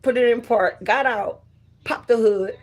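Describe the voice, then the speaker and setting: Husky chatty woman livestreaming. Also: a little high, measured pace. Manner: chatty and profane, greets viewers by name. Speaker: livestream host. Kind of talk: casual livestream chat.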